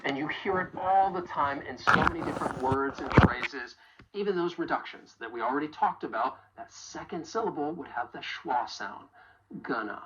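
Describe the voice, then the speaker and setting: A woman teaching English pronunciation in a video lesson, carefully modeling example phrases slowly and clearly. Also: sits low, fairly bright tone, slight background noise, poor audio.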